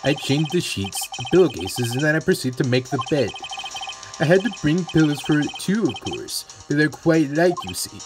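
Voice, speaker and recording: A man's voice: fairly high pitch, sing-song, normal speed. A man voicing a nervous young male hotel bellboy who stammers and speaks in a put-on foreign accent. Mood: stammering. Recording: music playing behind.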